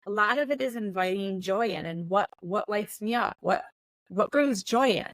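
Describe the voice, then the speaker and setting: A middle-aged woman hosting a podcast, chatting in a lively, storytelling way with quick asides. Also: medium pitch, no echo. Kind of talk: casual conversation.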